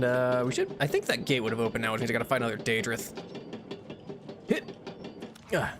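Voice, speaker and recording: Background noise sits behind this young man's mid-range voice as he plays a game on stream as a VTuber. His casual gameplay commentary rambles along with frequent restarts and laughter.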